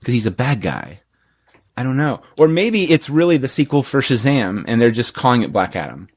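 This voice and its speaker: A man's voice: mid-range voice, moderate pace, slightly rough. A man hosting a casual podcast chat, telling stories animatedly and acting out what people said. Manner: animated storyteller, acts out quoted voices. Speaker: podcast host.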